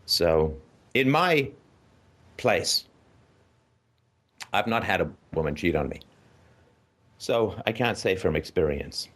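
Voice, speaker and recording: This call-in host has a deep voice and speaks slowly, leaving long pauses, yet his intonation stays lively. He hammers a caller with blunt, profane advice full of vivid images, repeatedly asking "right?"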